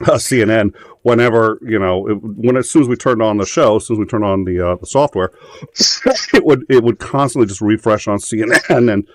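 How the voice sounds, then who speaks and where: A man hosting a live talk show, rambling through a story with plenty of cursing and filler words. His voice sits on the low side. The sound is dry, with no room echo. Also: fairly quick. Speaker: host. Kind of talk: casual live-show chat.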